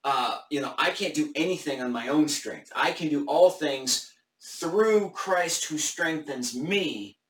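A man's voice: on the high side, lively intonation, takes it slowly, fairly bright tone, reverberant, far from the mic. A man hosting a casual Bible study discussion live on camera, thinking aloud with hesitant restarts.

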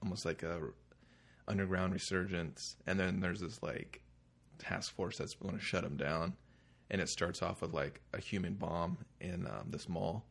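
Deep gravelly man, rambling casual talk. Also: steady tone, moderate pace, a bit bright. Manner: rambling, hesitant, lots of fillers. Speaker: podcast co-host. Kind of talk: casual chat.

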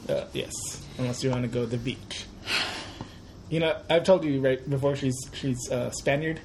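A woman co-hosting a podcast, chatting casually with halting restarts and playful teasing. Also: rumbling low, noisy background. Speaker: podcast co-host. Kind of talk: casual chat.

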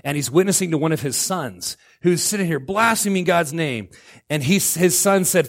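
A middle-aged man delivering a sermon from the pulpit, his voice sitting a little higher than most men's. He swings from loud, emphatic outbursts down to hushed, quiet lines. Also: animated, brisk. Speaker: pastor.

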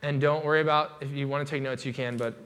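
A man's voice: mid-range voice, fairly even intonation, quick pace, fairly bright tone. A man preaching a sermon in a loose, casual way, with many fillers and restarts.

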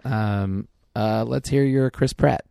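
A man co-hosting a podcast, chatting in a laid-back, joking way with deadpan asides. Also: lowish voice, slow, creaky, clean tone, dry recording, studio quality. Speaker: podcast co-host; drama teacher. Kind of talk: casual chat.

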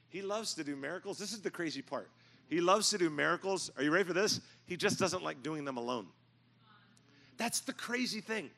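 A middle-aged man preaching a sermon in a church, telling stories and building to loud, emphatic points. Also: mid-range voice. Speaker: pastor. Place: church sanctuary.

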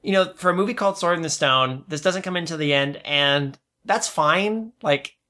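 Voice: mid-range voice, moderate pace, sharp tone. A podcast co-host chatting casually about a film, analytical and critical of the plot, sometimes dropping into silly mock voices.

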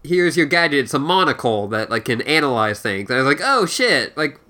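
A man's voice: medium pitch, sing-song, a little fast, sharp tone. A man co-hosting a casual podcast, talking in a rambling way full of likes and restarts. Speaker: podcast co-host. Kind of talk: casual chat.

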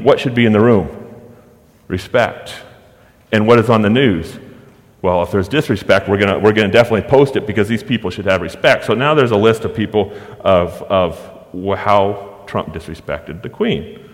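A man preaching a sermon as pastor, emphatic, with rhetorical questions and dramatic pauses. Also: lowish voice, big-room sound.

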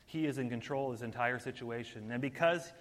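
A man preaching a sermon in an energetic, conversational way, talking straight to his listeners. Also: mid-range voice, a little fast, in a large hall.

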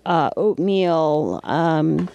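This is a New Jersey-accented makeup effects artist in relaxed shop talk. The voice is mellow and warm at a middling pitch, with frequent ums between thoughts. It is recorded close and dry. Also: extremely slow, vocal fry, no echo, highs cut off. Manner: chatty, many filler ums.

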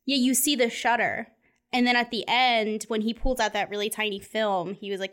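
A woman's voice: on the high side, moderate pace. A young woman in easy conversation, recapping a movie scene by scene. She slips into the characters' lines as she goes and laughs often. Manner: animated storytelling, acts out quotes, laughs often. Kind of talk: casual chat about a film.

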